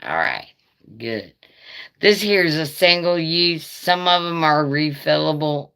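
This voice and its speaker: A woman live streaming in casual chat, with a raspy voice like a chain smoker's, talking in a nervous, rambling, profane way. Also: deep voice, lively intonation, a little slow, a bit bright.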